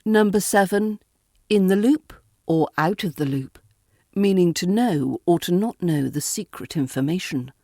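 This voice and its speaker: A woman with a British RP accent teaching pronunciation in a deliberate, scripted lesson, modelling each word clearly. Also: lowish voice, animated, a little mellow, dry recording, clean studio sound. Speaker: accent coach.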